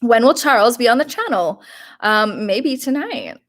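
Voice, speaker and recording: A young woman in her twenties hosting a casual live stream, chatty and quick to laugh, dramatic about small mishaps. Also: a little high, very animated, a bit bright. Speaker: YouTube livestream host.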